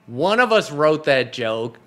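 A man's voice: on the high side, sing-song, slow pace, bright, forceful tone. A man, a comedy writer, telling anecdotes as a podcast guest in a wry, joking way and laughing at his own punchlines. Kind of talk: anecdotal storytelling.

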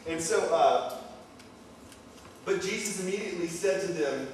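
A man preaching a casual, chatty sermon, full of asides and quick "okay?" checks with his listeners. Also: sits high. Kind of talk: informal sermon. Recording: very echoey, distant mic, faint noise.

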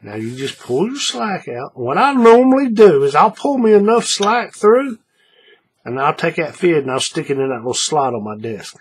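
Fairly high-pitched and very animated, with a breathy edge, a man talks at normal speed through a folksy paracord bracelet tutorial. He's the craft instructor, narrating hands-on, going step by step, repeating moves, and checking in with his audience.

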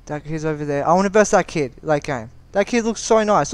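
A young man giving live gameplay commentary as a gaming channel host, excitable and exasperated, pleading in bursts. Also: fairly high pitch, a little fast, smooth, dry recording.

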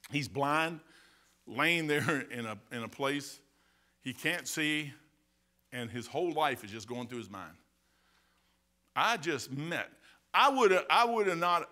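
A man's voice: a little high, bright, forceful tone. A man with a Midwestern American accent, preaching a sermon as pastor in a folksy, emphatic way full of rhetorical questions.

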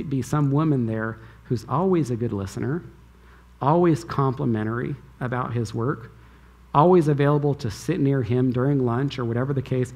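A man's voice: mid-range voice, gravelly, breathy edge. Man preaching with rhetorical questions. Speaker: pastor. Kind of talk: sermon. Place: church conference hall.

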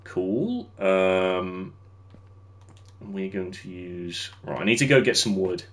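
A man's voice: deep voice, lively intonation, slow, a bit bright. A young man streaming a game, chatting with viewers while he builds and laughing easily. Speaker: livestreamer. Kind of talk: casual gameplay commentary.

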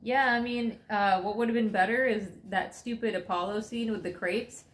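A woman's voice: mid-range voice, fairly even intonation, normal speed. A woman co-hosting a casual comic reaction chat, telling imagined scenes and voicing the characters in them. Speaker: co-host.

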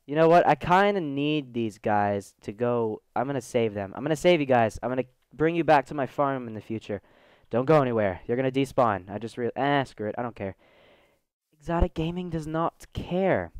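A man's voice: mid-range voice, lively intonation, brisk, darkish tone, clean tone, no echo, clean studio sound. A man with a Southern US accent giving chatty, goofy let's play commentary, talking straight to his viewers. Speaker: gaming channel host.

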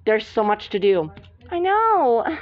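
A woman performing the voices of several bickering girls in a home-made doll drama. She jumps quickly between characters, gasping and shouting through the arguments. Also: a little high, very animated. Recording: dull lo-fi home recording.

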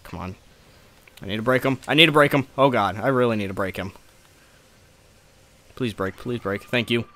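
Frustrated by a boss fight, a man delivers swearing, sarcastic commentary on his gameplay as a let's play gamer. He talks at normal speed with long pauses, his medium-pitched voice carrying a sharp tone.

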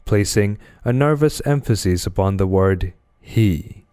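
Deep, smooth-voiced male narrator. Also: expressive, a little slow, dark tone, dry recording, clean studio sound. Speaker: audiobook reader. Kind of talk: reading a novel aloud.

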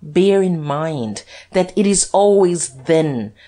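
Casting: woman reader doing a scornful, commanding duke with a low, unhurried, menacing delivery. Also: very animated, a little mellow, full character voice. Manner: jeering, menacing, deep and compelling. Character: cold, commanding male gentleman thief posing as duke.

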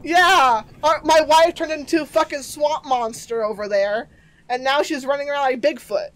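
A woman streamer giving sarcastic, excitable commentary while playing a game. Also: high-pitched, normal speed. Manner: excitable, sarcastic, swears and laughs a lot. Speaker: gaming streamer. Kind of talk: let's play commentary.

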